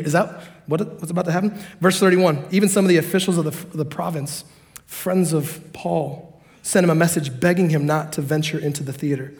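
A man preaching a sermon to a congregation, animated and joking, acting out the characters in the story. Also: fairly high pitch, normal speed. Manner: animated, acts out quotes, jokes with the congregation. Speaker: pastor.

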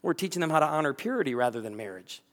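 Animated preacher in a reverberant hall. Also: male voice, on the high side, rapid-fire. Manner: animated storytelling, acting out quoted voices. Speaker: pastor. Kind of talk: sermon.

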